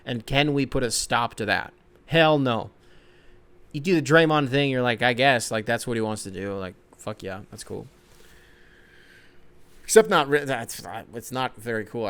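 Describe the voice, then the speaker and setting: A young man hosting a sports podcast, ranting profanely and excitably, swinging between loud outbursts and low mumbles. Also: clear, resonant tone. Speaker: podcast host.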